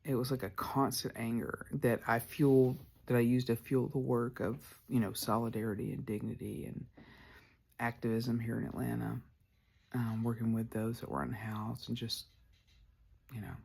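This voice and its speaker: A man's voice: medium pitch, level tone, moderate pace, creaky, a little mellow, slightly rough. A man, hosting a podcast and telling a personal story candidly, full of "like" fillers. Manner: candid, rambling, lots of "like" fillers. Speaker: podcast host.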